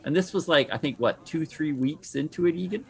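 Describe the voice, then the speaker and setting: Male tabletop player on a podcast, quick, eager delivery. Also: a little high, vocal fry. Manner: fast-talking, eager. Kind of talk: casual discussion.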